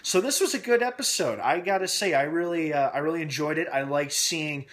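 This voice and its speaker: A man's voice: fairly high pitch, lively intonation, brisk, fairly bright tone. Rambling male TV recap host. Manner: rambling, with many "uh" fillers and restarts; asks himself questions aloud while speculating. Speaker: TV episode reviewer and channel host. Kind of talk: casual recap vlog.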